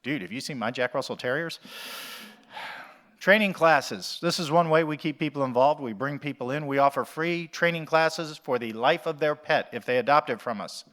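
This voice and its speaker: A man's voice: on the high side, moderate pace, fairly bright tone. A man from the USA, an animal shelter director, giving a conference presentation in a jokey, conversational way and addressing the audience directly.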